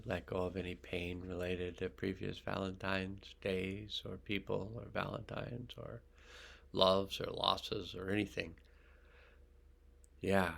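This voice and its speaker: Older man, energy healer, guided healing meditation, deep voice, steady flat delivery, slow and soothing. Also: creaky. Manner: slow, calm, soothing, with pauses.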